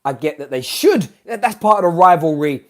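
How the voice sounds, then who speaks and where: Fuming British fan ranting on a live stream. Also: male voice, fairly high pitch, lively intonation, fairly quick. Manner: emotional, swinging from shouting to muttering; exasperated, repeats phrases. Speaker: football fan channel host. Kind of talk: live-stream post-match rant.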